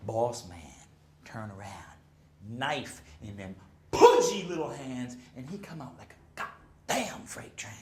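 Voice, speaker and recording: A man performing spoken word poetry on a gallery stage, rhythmic and theatrical, swinging between loud bursts and hushed whispers. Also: medium pitch, lively intonation, measured pace, a little hiss or hum. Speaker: slam poet. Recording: roomy live gallery sound, faint ambience.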